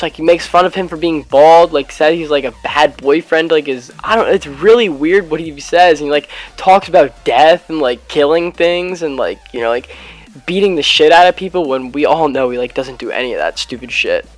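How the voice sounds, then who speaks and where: Teen male vlogger, slightly high voice, loose rambling delivery full of fillers and cursing. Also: moderate pace, no room sound. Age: late teens, high school student. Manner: rambling, heavy use of "like" fillers, casual swearing. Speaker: YouTube gaming vlogger. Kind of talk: casual storytelling vlog.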